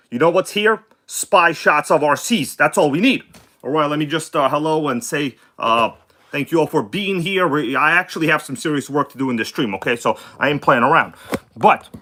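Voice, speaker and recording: A man's voice: a little high, sharp tone. A man hosting a casual livestream, chatty and joking as he greets viewers by name. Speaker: livestream host.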